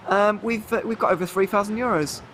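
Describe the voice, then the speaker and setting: A high-pitched man calls a sim race live with chatty, excitable energy. He laughs easily between race updates. Steady background noise sits under his voice. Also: fairly quick. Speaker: race commentator. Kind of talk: live sim racing commentary.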